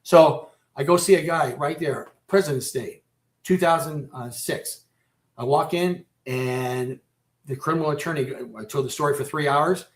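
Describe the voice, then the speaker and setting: A man telling his own story as a radio guest, halting and repeating himself, close to breaking down. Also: a little high. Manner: halting, repeats and restarts phrases. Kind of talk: personal storytelling in a radio interview.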